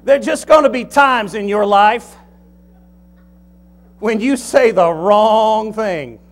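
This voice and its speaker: Folksy high-voiced preacher man. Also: slow pace. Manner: folksy, humorous storyteller. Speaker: pastor. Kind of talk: sermon.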